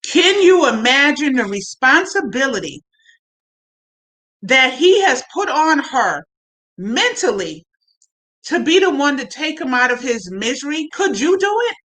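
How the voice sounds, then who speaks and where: A woman casually recapping a TV episode for her viewers, chatty and animated, with frequent asides to the audience. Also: high voice, measured pace, low-quality recording. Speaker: show reviewer. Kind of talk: casual recap chat to camera.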